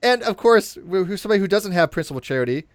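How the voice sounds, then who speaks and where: A man hosting a casual panel chat, animated, often repeating himself and restarting his sentences. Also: sits high, fast, no echo, clean studio sound. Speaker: show host.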